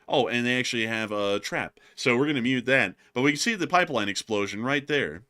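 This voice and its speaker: Man, news show host, bright forceful voice, casual commentary. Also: mid-range voice, moderate pace, few pauses. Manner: animated, jokes and laughs with co-host.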